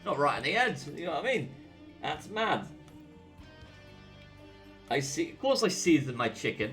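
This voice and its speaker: A man's voice: fairly high pitch, big pitch swings, a little fast, pushed and bright, faint music behind. A young English man streaming and casting a strategy game replay, chatty and full of slangy banter with his chat. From England. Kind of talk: casual replay commentary.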